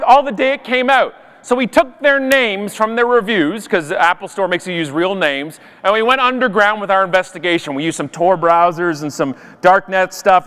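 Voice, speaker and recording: A man's voice: high-pitched, fairly bright tone, clear, resonant tone. A man giving a comedic, sarcastic keynote talk at a conference, telling stories with punchy timing. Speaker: conference speaker. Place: large conference hall. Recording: live hall reverb.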